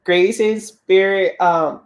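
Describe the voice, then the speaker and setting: A young woman with a Southern US accent co-hosts a casual chat, telling stories and laughing often. Her voice sits at a medium pitch, with a steady tone and a slow pace.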